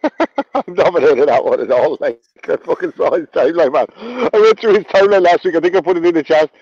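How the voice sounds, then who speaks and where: A man's voice: a little high, fairly quick, a little mellow, dry recording. Sweary man on a dull lo-fi line. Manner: sweary, rambling, laughs mid-sentence. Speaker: podcast co-host. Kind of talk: casual podcast banter.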